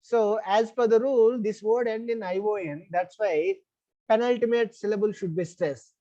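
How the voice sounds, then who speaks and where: A man's voice: sits high, moderate pace, warm tone, dull audio. Indian man teaching an online English class. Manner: explains rules step by step, repeats himself, checks understanding. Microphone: online class call.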